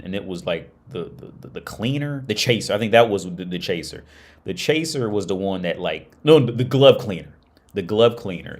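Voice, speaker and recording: A man hosting a livestream who retells a story at length, loose and profane, full of restarts. His voice sits very low. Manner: profane, rambling, many restarts. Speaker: livestream host. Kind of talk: casual storytelling.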